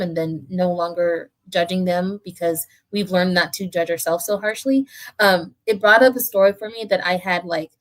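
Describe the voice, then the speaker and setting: A woman hosting a casual podcast conversation, speaking in a thoughtful, reflective way. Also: medium pitch. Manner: thoughtful, reflective, lots of fillers.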